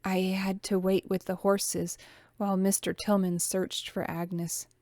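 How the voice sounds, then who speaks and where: A chatty young farm worker who recounts things matter-of-factly, read by a woman narrator. The voice is at an ordinary middle pitch. The recording is dry. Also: level tone, unhurried, darkish tone, dry recording, lightly acted.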